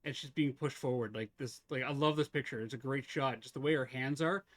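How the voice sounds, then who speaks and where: A man's voice: medium pitch, fairly quick, fairly bright tone, dry recording. A man streaming a game live, chatting casually with viewers, teasing them and laughing often.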